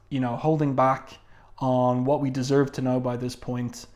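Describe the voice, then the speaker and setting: A man's voice: mid-range voice, steady tone, normal speed, a little mellow. Chatty man reviewing comics. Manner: chatty, with fillers and asides; reads panel quotes aloud. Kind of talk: casual review talk.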